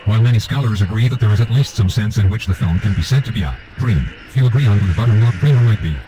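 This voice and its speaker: A man delivers a mock-academic narration at a fast clip. His voice sits low and he keeps a lecturing tone throughout. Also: noisy background.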